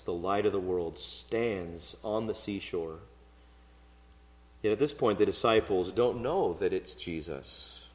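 Man preaching in an echoing hall. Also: fairly low pitch. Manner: conversational, relaxed storytelling with occasional fillers. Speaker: pastor. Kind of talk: expository sermon. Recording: long hall reverb.

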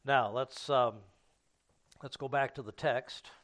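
A man preaching a sermon, teaching from scripture in an unhurried way with frequent fillers and restarts. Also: mid-range voice, fairly even intonation, fairly bright tone.

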